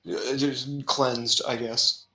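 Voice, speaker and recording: A man hosting a casual manga chat who laughs often and acts out scenes with quick put-on voices. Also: medium pitch, fairly even intonation, sharp tone, roomy sound, rough recording. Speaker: podcast host.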